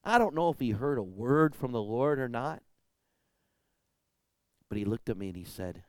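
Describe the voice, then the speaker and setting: A man preaching a sermon with stories, lively and conversational, often checking in with "right?" and "you know?". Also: normal speed, dry recording. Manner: lively, swings pitch and loudness for emphasis. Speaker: pastor. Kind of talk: sermon with storytelling.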